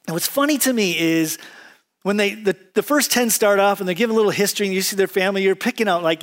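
A male pastor giving a sermon, praying and telling funny stories in a relaxed, conversational way to his congregation. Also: sits high, fairly quick. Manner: conversational, joking, animated quoting. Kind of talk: sermon with prayer and humorous stories. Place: church sanctuary with congregation.

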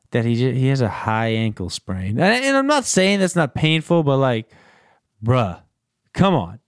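A man hosting a casual sports podcast, talking in a relaxed, rambling way with lots of fillers. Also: mid-range voice, clean tone, no echo, studio quality. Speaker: podcast host.

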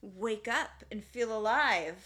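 Bright chatty woman co-host, thirties, telling a spooky story casually. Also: a little high, lively intonation, slow pace. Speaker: podcast co-host. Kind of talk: casual chat.

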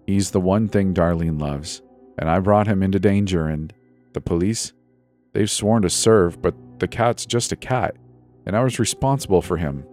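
A man's voice: deep voice, a little mellow. A man telling a first-person horror story in a tense, breathless, dramatic way. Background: faint music.

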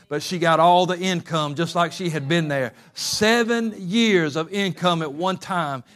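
A male preacher with a fairly high voice delivers a sermon. He swings between hushed, intimate passages and loud, fervent exhortation, repeating phrases for emphasis. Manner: builds from quiet talk to loud fervent preaching.

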